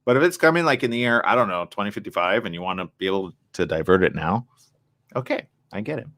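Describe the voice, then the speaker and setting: A man's voice: lowish voice, quick pace. A man hosting a live online morning show, chatting casually and reading viewer comments in a rambling way, often checking in with his audience. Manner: rambling, animated, asks the audience "you get it?".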